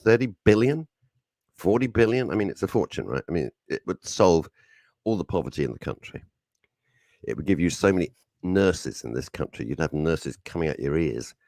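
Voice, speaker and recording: A hoarse British man with a sore throat, hosting a radio show and telling a ranting, joking story. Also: very deep voice, lively intonation, a little fast, a little mellow, dry recording, studio quality. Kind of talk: casual banter on air.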